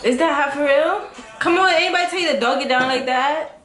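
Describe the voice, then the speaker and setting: A woman's voice: high voice, a little fast, fairly bright tone, reverberant, soft background music. A young woman vlogging a food challenge at home, laughing and screaming at the heat. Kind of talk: casual food challenge vlog.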